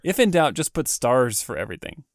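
A man with a mid-range voice hosts a casual podcast, bantering easily with his co-host. He reads even the sponsor spots in a chatty way. The recording is dry and close. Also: mid-range voice, fairly quick, no room sound. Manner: friendly, bantering, reads ads conversationally. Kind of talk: casual chat.

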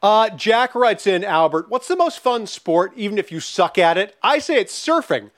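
A man's voice: sits high, normal speed, no echo. Male podcast host, bouncy upper-range voice, dry close mic, casual and profane. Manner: animated, profane, reads listener questions.

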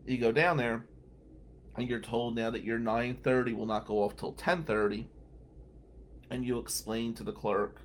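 A man's voice: medium pitch, little pitch movement, normal speed, long pauses, slight background noise. A man hosting a podcast, a lawyer telling wry, incredulous stories from his working day. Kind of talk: storytelling monologue.

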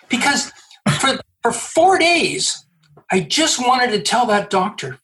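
A middle-aged man from Canada, a guest in an interview, telling a story in an animated way, laughing and acting out the voices he quotes. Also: very high voice, takes it slowly, a little hiss or hum, poor audio. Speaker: guest, recruiter. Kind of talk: storytelling in a conversation.

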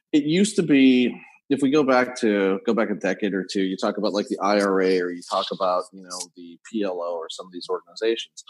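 A man talking as a podcast guest, rambling and quick, restarting his sentences often. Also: on the low side, slightly rough, low-quality recording. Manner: fast-talking, digressive, many restarts. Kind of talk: casual podcast interview. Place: London.

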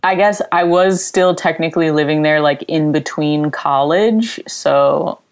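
A woman's voice: deep voice, measured pace. A woman from upstate New York, a musician, chatting casually as an interview guest, rambling with fillers and frequent giggles. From Rochester, New York.

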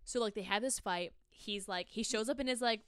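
A woman's voice: on the high side, clear, resonant tone, no room sound, clean studio sound. Casual swearing woman podcast co-host. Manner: retells scenes in quick muttered quotes, swears freely. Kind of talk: casual book chat.

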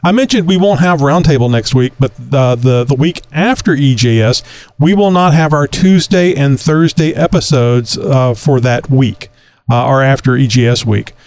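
A man's voice: mid-range voice, normal speed, dry recording. Chatty man hosting with lots of fillers. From Texas. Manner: relaxed, rambling, many fillers. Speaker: podcast host. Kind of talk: casual talk show hosting.

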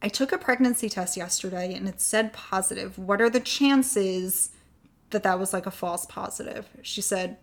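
Woman with a gravelly voice telling a personal story. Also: medium pitch, normal speed. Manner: candid, emotional, getting choked up at times. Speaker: guest sharing her fertility story.

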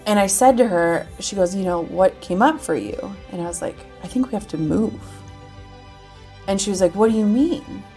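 A woman from Minnesota speaking as a podcast guest in a relaxed, conversational way. She talks at a mid pitch, leans on "like" as a filler and voices the people in her stories. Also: normal speed, soft background music. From Minnesota, USA. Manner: chatty, frequent "like" fillers, acts out quoted dialogue. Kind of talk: casual interview chat.

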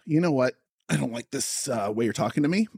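A man's voice: mid-range voice, expressive, fairly quick, vocal fry, a little mellow, slightly rough, no room sound, clean studio sound. A man co-hosting a comedy podcast, playfully teasing and riffing on silly hypotheticals. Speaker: podcast co-host. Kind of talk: casual comedic chat.

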